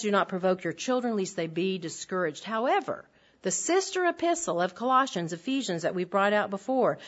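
An older woman giving an earnest, direct Bible lesson to women, with frequent ums. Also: mid-range voice. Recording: dull lo-fi recording.

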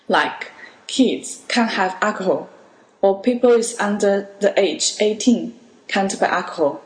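A woman teaching a language lesson on a podcast, explaining words slowly and carefully. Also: medium pitch, a little mellow, echoey room, low-quality recording.

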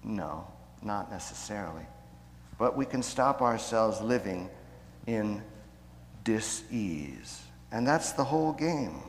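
A man preaching a sermon in a measured way, slowing down to stress key phrases. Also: lowish voice, lively intonation, big-room sound, a little hiss or hum. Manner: measured, slows down for emphasis.

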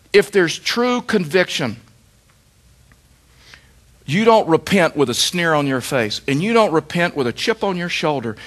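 A man's voice: sits high, a bit bright. A middle-aged man pastor preaching a sermon, with emphatic repetition and rhetorical questions.

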